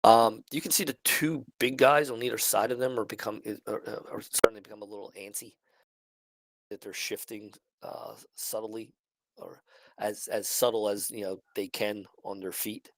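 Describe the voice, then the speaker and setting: Gravelly man running a tabletop game. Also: fairly low pitch, fairly even intonation, no room sound, poor audio. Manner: halting, many restarts and fillers. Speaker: game master.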